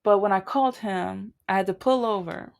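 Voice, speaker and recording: A woman's voice: mid-range voice, normal speed, vocal fry, a little mellow. A woman vlogger telling a long personal grievance story in a casual, rambling way, with many restarts.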